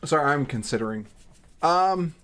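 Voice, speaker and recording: A man's voice: a little high, animated, moderate pace, a bit bright. A man streaming live, reading a game's text aloud in a casual, chatty way with swearing and asides.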